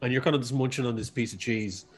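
A man's voice: mid-range voice, steady tone, quick pace. Rambling man running a tabletop game. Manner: loose and rambling, many fillers. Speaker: game master.

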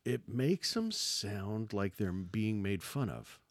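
Lower-voiced man teasing his podcast co-host. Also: big pitch swings, takes it slowly, no echo, clean studio sound. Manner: joking, teasing, rambling. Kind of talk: casual podcast banter.

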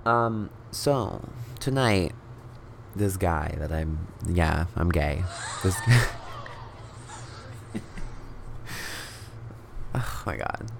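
A young man narrates a story on his podcast in a low, expressive voice, stretching out words with vocal fry and long pauses over background noise. Talking close to the mic in a casual, chatty way, he swears a lot, fills his speech with "like," and laughs between phrases.

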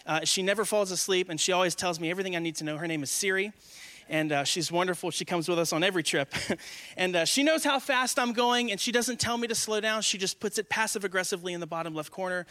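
Young male guest preacher, high and bright, joking with the congregation as he speaks. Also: fast talker. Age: 20s. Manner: joking, asks the congregation questions. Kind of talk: humorous conversational sermon. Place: church before a congregation.

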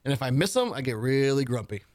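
Man, radio co-host, dry close mic, flat teasing quips, mid-pitched. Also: quick pace, dry recording. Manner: teasing, deadpan one-liners. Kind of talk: casual banter on a radio show. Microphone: studio mic.

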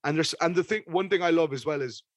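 A young man hosts a podcast and gives his take on a record in a loose, rambling way, swearing as he goes. His voice sits fairly high for a man. The sound is dry and close, with no room around it. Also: quick pace, no room sound. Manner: rambling and animated, with casual swearing. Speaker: podcast host. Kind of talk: casual music review chat.

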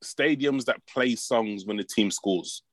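A man with a fairly low voice talks casually as a podcast guest. He gets animated when telling stories and keeps saying "mate". The recording is close and dry. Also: unhurried, dry recording, rough recording. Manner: chatty, says "mate" a lot, animated storytelling. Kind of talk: casual chat.

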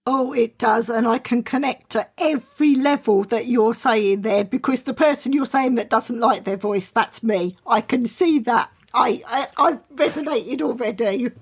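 A woman interviewer responds warmly in agreement. Her voice sits a little high and has a husky edge. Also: unhurried, few pauses. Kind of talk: casual interview talk.

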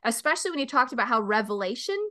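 A woman in her forties hosting a podcast, telling a story animatedly and acting out the voices. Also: racing. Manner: animated storyteller, acts out voices with big pitch jumps. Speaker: podcast host. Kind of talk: casual chat, storytelling.

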